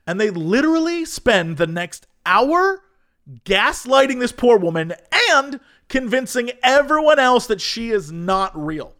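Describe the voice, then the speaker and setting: A man chatting casually with a high, very lively voice that swoops up and down. He tells his story with real animation and slips into acting out the lines of the people in it. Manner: animated storyteller who acts out quotes. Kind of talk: casual chat.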